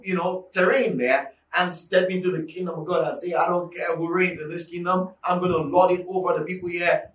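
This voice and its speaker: A high-pitched man delivers a fiery sermon, repeating key lines for force and rising into shouts. He sounds set back from the mic in an echoing space, with a faint hum of noise underneath. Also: moderate pace. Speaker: preacher. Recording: echoey room, mic at a distance, faint background noise.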